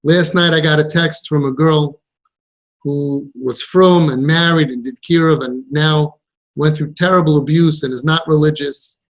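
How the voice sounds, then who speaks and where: A man gives an impassioned counseling talk coaching parents, emphatically repeating phrases for stress and mixing in Yiddish and Hebrew words. His voice is fairly high with fairly even intonation and a measured pace.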